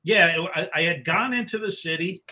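A middle-aged man tells a long story in a bright, slightly high voice. He rambles and often restarts his sentences, and he acts out what other people said. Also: brisk. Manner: rambling, with many restarts and acted-out quotes. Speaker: guest, book cover artist. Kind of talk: casual storytelling anecdote.

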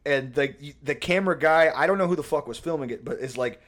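A man chats on a podcast in a rambling, animated way, swearing freely. His voice sits on the high side for a man. He piles one tangent onto the next as he tells a story. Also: fast talker. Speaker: podcast co-host. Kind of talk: casual comedic chat.

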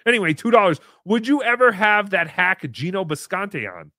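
Man, livestream host, sarcastic, jokey, bright, dry close mic. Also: sits high, moderate pace, dry recording. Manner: animated, jokey, sarcastic, swings between loud bursts and mumbled asides. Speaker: host reading paid chat messages. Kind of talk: casual livestream banter.

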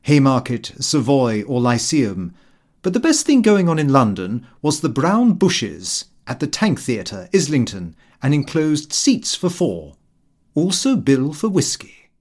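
A man reading a comic diary aloud as an audiobook, with expressive, lively delivery. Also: mid-range voice, a little slow. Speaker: audiobook reader. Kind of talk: scripted narration of a comic diary.

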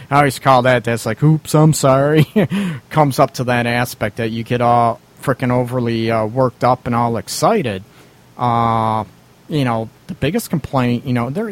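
A man hosting a radio advice show, talking bluntly and casually, swearing lightly, laughing often and acting out quoted lines. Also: mid-range voice. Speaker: radio show host giving relationship advice.

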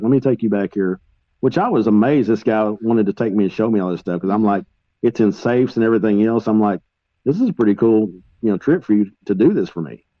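Rambling low-voiced man telling stories. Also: dry recording, highs cut off. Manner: rambling, animated storyteller with many fillers. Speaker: guest paranormal investigator. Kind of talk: casual storytelling in a podcast interview.

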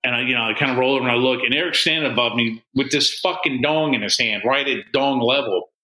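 A man telling a crude story on a podcast, swearing constantly and jumping into loud quoted voices. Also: mid-range voice, fast. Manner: profane, animated, swings into loud quoted voices. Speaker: podcast co-host. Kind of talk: casual storytelling. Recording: roomy echo.

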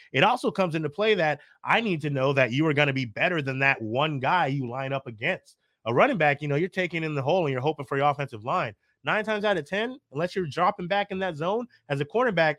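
A man's voice: on the high side, fairly bright tone, dry recording, studio quality. A man co-hosting a casual sports podcast, laid-back and opinionated, using slang and laughing easily.

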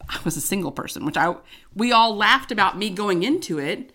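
A woman co-hosting a casual podcast chat, telling a story in an animated, expressive way. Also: medium pitch, brisk. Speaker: podcast co-host.

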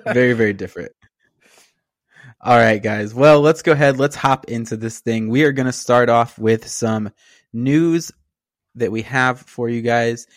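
A man's voice: mid-range voice, a little slow, no room sound. Upbeat male podcast co-host. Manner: upbeat, laughs often, runs the show segments. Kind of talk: casual chat.

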